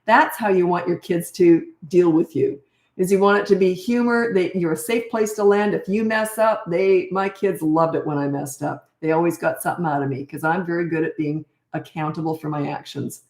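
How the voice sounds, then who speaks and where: A woman's voice: fairly low pitch, moderate pace, a little mellow. Blunt older woman in an echoey room. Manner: blunt, no-nonsense, acts out quoted lines. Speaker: parenting coach. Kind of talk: casual advice talk.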